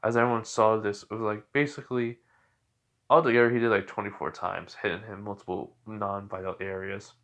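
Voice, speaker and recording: A man's voice: on the low side, fairly even intonation, brisk, fairly bright tone. A man casually narrating a fan story, rambling with many fillers and restarts.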